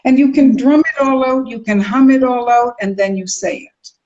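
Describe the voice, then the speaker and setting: An older woman from Canada, a communication teacher, telling stories in an interview in an expressive way, sounding out rhythms as she goes. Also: on the high side, normal speed, dull audio. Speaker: accent coach and communication teacher. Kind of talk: animated interview storytelling.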